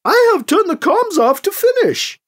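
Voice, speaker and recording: Brief: narrator putting on an upbeat male engineer, clearly higher and brighter, chirpy and a bit naive. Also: sing-song, moderate pace. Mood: alarmed.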